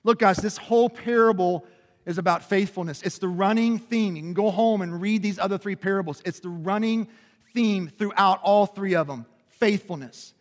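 High, bright-voiced preacher man in a hall. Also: normal speed. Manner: animated preaching, drops to quiet emphasis and rises to shouts; asks the congregation questions and calls for responses. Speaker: pastor. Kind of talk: sermon.

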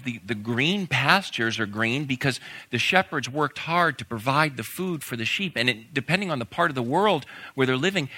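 A man preaching a conversational sermon, talking casually with fillers and growing animated at times. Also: mid-range voice. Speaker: pastor.

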